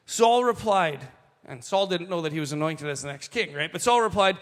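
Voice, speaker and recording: Male pastor, high-pitched, animated sermon delivery, reverberant hall. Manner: animated, slows for quoted lines, asides to the congregation. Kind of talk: sermon reading and commenting on scripture.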